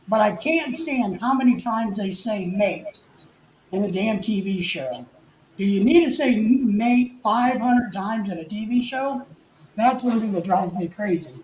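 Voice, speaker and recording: A man co-hosting a casual livestream chat, joking and teasing, laughing often at his own puns. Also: very high voice. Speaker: livestream co-host. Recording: echoey room with faint noise.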